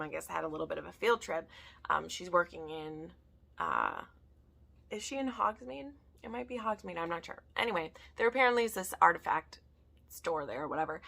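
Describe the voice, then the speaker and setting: A woman's voice: fairly low pitch, vocal fry, fairly bright tone. A woman chatting casually in a book review vlog, peppering her talk with "like". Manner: chatty, frequent "like" fillers.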